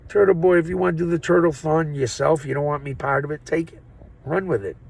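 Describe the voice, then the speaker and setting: Gravelly rambling New man. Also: a little high, fast, poor audio. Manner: profane, joking, wanders off topic. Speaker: vlogger. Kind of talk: rambling casual monologue. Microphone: phone or camera mic.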